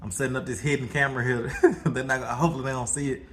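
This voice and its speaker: A man's voice: mid-range voice, fairly even intonation, quick pace, fairly bright tone, a little hiss or hum. A man with a Southern US accent, casually vlogging from his kitchen at home as a father, chuckling and repeating words as he talks. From Mississippi, US.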